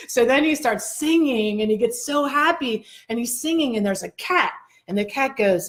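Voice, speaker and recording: A woman co-hosting a casual talk show, animated and laughing often as she tells stories. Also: mid-range voice, brisk. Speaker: co-host. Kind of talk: casual chat and storytelling.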